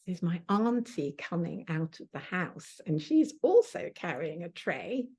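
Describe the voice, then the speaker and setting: Slow, lively middle-aged woman storyteller. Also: mid-range voice. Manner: vivid, sensory, breathy asides. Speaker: astrology teacher. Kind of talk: personal storytelling.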